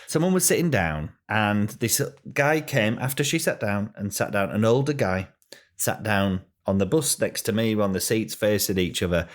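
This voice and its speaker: A man hosting a podcast, telling stories in a rambling, animated way with many restarts. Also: lowish voice. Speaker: podcast host. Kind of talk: casual chat.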